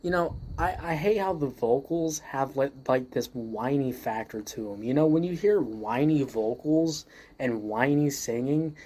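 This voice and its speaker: A man hosting a music review show rants heatedly while judging a song, swearing constantly and leaning on "you know." His voice is mid-range, unhurried, and mellow.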